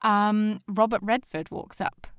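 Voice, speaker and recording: A young woman in casual chat, telling a story with animated acted-out quotes. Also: mid-range voice, slow, clean tone, no echo, studio quality.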